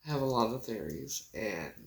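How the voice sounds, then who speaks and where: A woman livestreaming casually on her phone, talking in an emotional, halting way with many pauses and restarts. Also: very deep voice, expressive, roomy sound.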